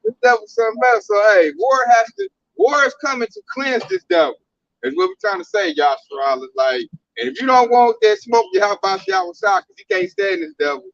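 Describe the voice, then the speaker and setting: A man's voice: very high voice, huge pitch swings, brisk, gravelly, fairly bright tone, no room sound, dull audio. A man talking casually about religion in a preachy, emphatic way, full of slang.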